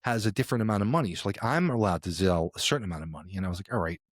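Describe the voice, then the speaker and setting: A man on a podcast telling a story with a lively, swinging pitch. His voice is recorded dry and close. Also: very fast, no room sound. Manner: animated, laughing, swings into quoted voices. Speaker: podcast co-host. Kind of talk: casual storytelling chat.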